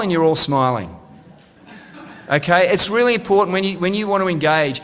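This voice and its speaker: A man's voice: high-pitched, expressive, a little fast, pauses often, a bit bright. A middle-aged Australian man giving a conference talk, upbeat and drawing the audience in with questions. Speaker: conference speaker. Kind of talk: conference presentation. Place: large conference room. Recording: reverberant hall.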